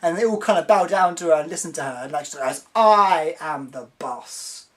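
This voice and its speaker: A young man giving a casual video review, excitable and rambling, often mimicking the characters. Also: on the high side, very fast.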